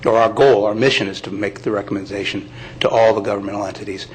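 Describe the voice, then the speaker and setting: A man's voice: lowish voice, steady tone, quick pace, slight background noise, poor audio. A man speaking earnestly at a county commission meeting. He apologizes, restarts his sentences and lays out his plans. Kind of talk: public meeting testimony.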